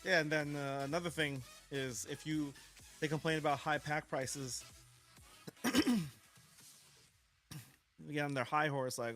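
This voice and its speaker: A man running a live card-break stream, his fairly high voice jumping around as he rants about prices and reads chat. He swears freely and chuckles between points, with faint music playing behind him. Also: moderate pace, long pauses. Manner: animated ranting, swears, chuckles often.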